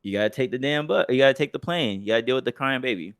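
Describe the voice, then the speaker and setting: A young man with a clear, resonant, slightly bright mid-range voice co-hosts a podcast, animated and rapid-fire, in studio quality with no room sound. His casual chat is profane storytelling laced with mocking impressions.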